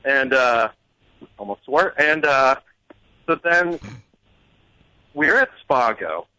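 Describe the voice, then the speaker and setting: A man's voice: mid-range voice, lively intonation, slow, bright, forceful tone, low-quality recording. A man calling in to a talk show and telling a rambling, self-deprecating story. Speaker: caller. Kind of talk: casual anecdote telling.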